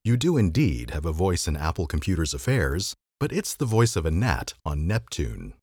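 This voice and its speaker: Man, podcast host, very deep voice, lively pitch, wry reading. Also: moderate pace, slightly rough, no echo, clean studio sound. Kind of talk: reading an old magazine article aloud.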